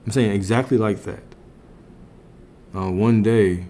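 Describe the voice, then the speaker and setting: Man, lowish voice, reflective livestream teacher, faint room hum behind. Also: measured pace, mellow. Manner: reflective, repeats phrases, asks listeners questions. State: a little out of breath. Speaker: spiritual coach streaming to viewers.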